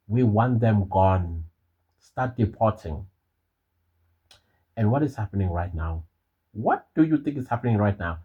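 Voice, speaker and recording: A man's voice: on the low side, breathy edge, phone-quality sound. A man from South Africa with a South African accent, giving an emphatic casual commentary monologue and asking the listener rhetorical questions. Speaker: online commentator.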